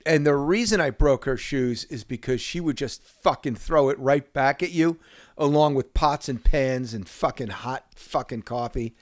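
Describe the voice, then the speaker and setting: A man, telling stories in a casual podcast chat, profane and animated. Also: medium pitch, normal speed, dry recording, clean studio sound. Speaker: podcast host.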